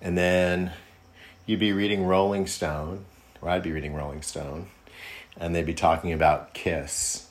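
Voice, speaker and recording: A man's voice: low voice, flat delivery, moderate pace. A man telling a long, rambling personal anecdote in a laid-back, casual way. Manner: rambling, laid-back, with fillers and quoted asides. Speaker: storyteller.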